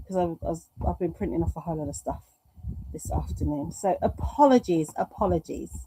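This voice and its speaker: Woman, middle-aged, rambling live-stream host, mellow tone, faint background hiss. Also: on the low side, animated, fairly quick, low-quality recording. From United Kingdom. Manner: chatty, rambling, flustered, affectionate. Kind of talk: casual chat reading viewer comments. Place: home room.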